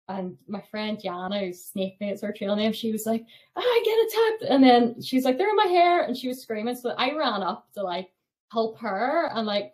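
Young woman, podcast guest, chatty storyteller who laughs a lot. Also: medium pitch. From Ireland. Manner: chatty, laughs often, many fillers. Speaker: podcast guest, thru-hiker. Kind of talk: casual storytelling interview.

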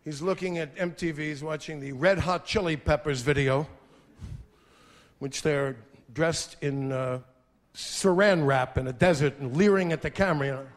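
A man in his fifties performing a stand-up comedy routine on stage, animated, breaking into shouted impressions and sung snatches. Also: on the high side, normal speed, in a large hall. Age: 50s. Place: theater stage before an audience. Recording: live stage mic over a laughing crowd and noise.

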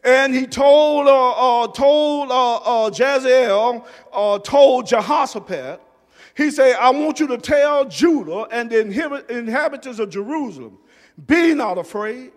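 Brief: male pastor, sermon delivery, very high voice and slow pace, soft-to-shouting dynamics. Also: in a large hall. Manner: swings from soft low murmurs to shouted emphasis. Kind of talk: preaching a sermon. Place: church sanctuary.

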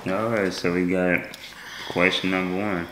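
A man's voice: sits low, fairly bright tone, slight background noise. A man hosting a casual vlog in an easygoing way, repeating his greetings to viewers. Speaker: vlog host. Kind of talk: casual chat. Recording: echoey room.

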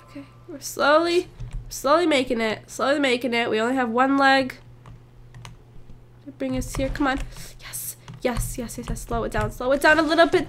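A young woman hosting a gaming channel, giving excitable let's-play commentary, groaning and shrieking as her rider crashes. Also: high-pitched, a little hiss or hum.

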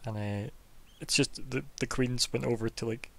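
A man running a tabletop game as game master, his voice mid-pitched and ordinary. He narrates casually and loosely, with plenty of fillers. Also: steady tone, moderate pace, creaky.

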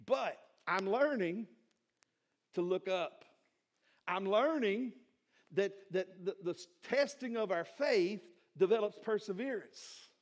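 Man, pastor, fairly high voice, animated sermon, stacked rhetorical questions. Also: slow pace. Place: church sanctuary.

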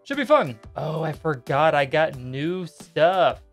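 A young man from the United States hosting his gaming channel, giving jokey let's-play commentary and bursting into yelps and shouts. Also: fairly high pitch, sing-song, takes it slowly, faint music behind.

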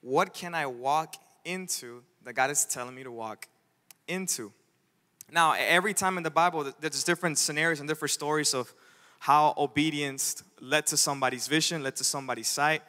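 A man preaches a sermon, his voice bright, forceful and somewhat high. He tells the story in an animated way, putting on the voices of its figures. The long reverb of a church hall trails behind each phrase. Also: a little fast. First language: Spanish. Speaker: pastor. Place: church sanctuary.

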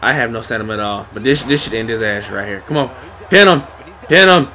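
A man's voice: fairly low pitch, fast talker, bright, forceful tone. Frustrated, swearing man gaming. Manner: talks to himself and the screen. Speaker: gamer. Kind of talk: casual gameplay commentary.

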